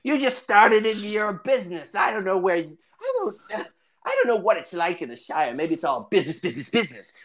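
A game master voicing a chatty, fussy old grandmother hobbit woman in a high sing-song voice. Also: lively intonation, fairly quick, a bit bright, close to an everyday voice. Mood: doting.

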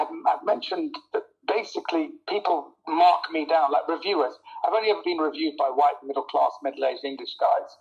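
A man talks in a casual interview chat as a comedian guest, his voice sitting a little high. He tells stories with animation, laughs often and stumbles over repeated words as he starts sentences. The sound is dull and lo-fi. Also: vocal fry.

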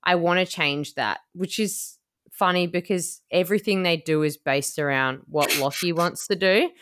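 A woman's voice: on the low side, moderate pace, a bit bright, clean tone. A woman hosting a casual chat podcast, sarcastic and swearing freely, mocking people in silly quoted voices. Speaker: podcast host.

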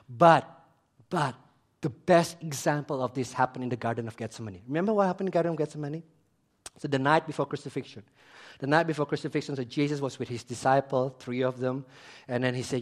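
High-voiced emphatic male preacher. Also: animated, quick pace. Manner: emphatic, swings between loud high emphasis and quiet low asides; repeats phrases for emphasis, asks the audience questions. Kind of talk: sermon.

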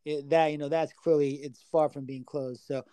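A man's voice: a little high, steady tone, moderate pace, mellow, smooth, no room sound. A man co-hosting a casual sports betting podcast, talking loosely, swearing freely and stumbling over fighters' names. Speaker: podcast co-host.

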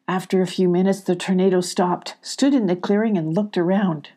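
An older woman narrating a children's storybook in a gentle, expressive way. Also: lowish voice, normal speed, hardly any pauses.

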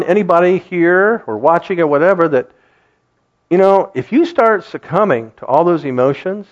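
A man's voice: a little high, lo-fi sound. A man preaching a sermon, acting out quoted voices and laughing often. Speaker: pastor.

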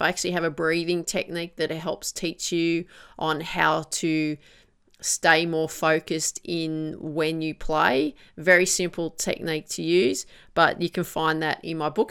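A woman's voice: low voice, gravelly, a bit bright, clean tone. A woman coaching golfers on their mental game, who works through one question after another and sometimes acts out an inner voice. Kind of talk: coaching monologue.

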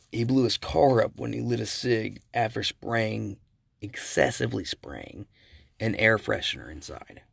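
A male podcast host with a low, gravelly voice and a husky edge. He rambles through stories in casual chat, correcting himself and chuckling as he goes. The sound is dry and close, like a home mic with no room behind it. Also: dry recording. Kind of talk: casual solo podcast commentary.

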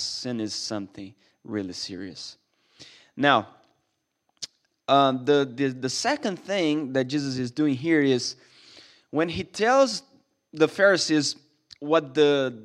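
Earnest preaching man, higher voice. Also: fairly bright tone. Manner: earnest, emphatic preaching with frequent restarts. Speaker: pastor. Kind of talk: sermon. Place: church.

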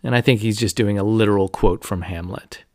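A man hosting a podcast, casually retelling a novel and reading quotes aloud with lively asides. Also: fairly low pitch, fairly quick, dry recording, studio quality. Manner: animated, reads quotes aloud, casual fillers. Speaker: podcast host. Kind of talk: casual book discussion.

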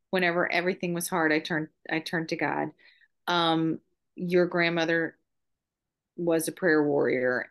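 A woman's voice: sits low, fairly bright tone. A middle-aged woman, a guest on a podcast, telling heartfelt stories in earnest. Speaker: guest, mother. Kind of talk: casual conversation.

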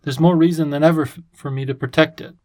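A man's voice: a little high, fairly even intonation, quick pace, natural voice. A man doing a lisping creature king. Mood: worried. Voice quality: lisp. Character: lovestruck antlered creature king, excitable.

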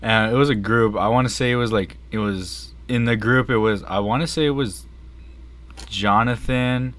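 A young man co-hosting a podcast, telling stories in a laid-back, low-key way and chuckling along. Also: moderate pace, fairly bright tone. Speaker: podcast co-host. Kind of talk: casual chat.

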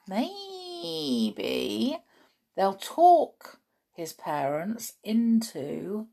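A woman podcast storyteller reads a storybook chapter aloud and then chats about it. Her delivery is animated, with a lively pitch range. She reads at a slow, unhurried pace. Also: creaky, husky. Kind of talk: storybook reading.

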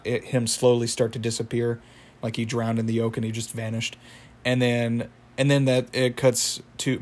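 A young man casually recapping a cartoon episode, rambling with fillers and laughs. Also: mid-range voice.

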